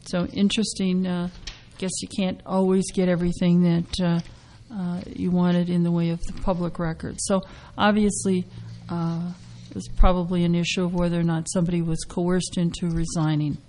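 Halting woman radio host, low mellow voice. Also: level tone, a little hiss or hum, low-quality recording. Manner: halting, many fillers and restarts. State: recovering from a cough. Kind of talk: casual radio talk on legal news.

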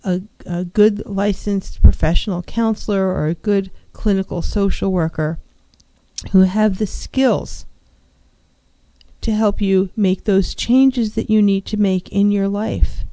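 Middle-aged woman counselor hosting a talk show; earnest advice, mellow tone, dry close sound. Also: mid-range voice, steady tone, takes it slowly, no room sound. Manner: earnest, advising, acts out clients' voices.

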